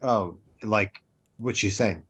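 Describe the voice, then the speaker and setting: A man's voice: lowish voice, takes it slowly, fairly bright tone, husky. A man playing a tabletop game, eagerly asking the game master questions. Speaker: player. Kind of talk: casual tabletop play. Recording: noisy line.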